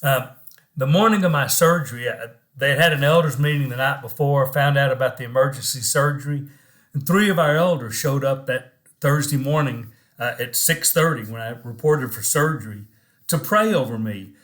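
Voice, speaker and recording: A man's voice: medium pitch, moderate pace, fairly bright tone. A middle-aged man talking casually and earnestly to camera, encouraging his listeners to pray with people.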